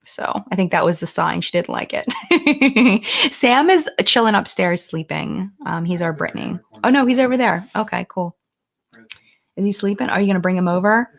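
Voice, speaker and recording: A woman with a medium-pitched, animated, creaky voice hosts a casual live-stream chat from home at normal speed. She gushes and chats, saying "like" a lot, and slips into sing-song baby talk for her dogs.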